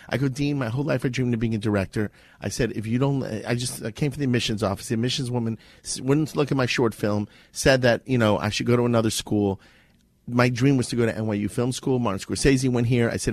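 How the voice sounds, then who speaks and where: A man's voice: medium pitch, fast talker, no echo. A man from Miami, a guest in a radio interview, telling a story animatedly and acting out the voices in it, recorded in an office. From Miami, USA. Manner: lively storyteller, acts out quoted voices. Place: office with a gathering.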